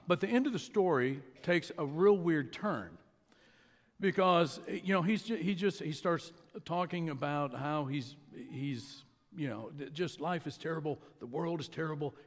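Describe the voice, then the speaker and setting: Man, pastor, sermon, storytelling, fairly high voice, long hall reverb. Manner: storytelling, conversational with pauses. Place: church sanctuary.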